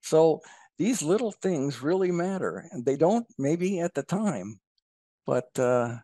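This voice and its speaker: A man's voice: fairly high pitch, expressive, slow pace, dark tone, dry recording. Easygoing male guest telling stories. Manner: easygoing storyteller, telling jokes. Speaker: podcast guest. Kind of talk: casual political chat.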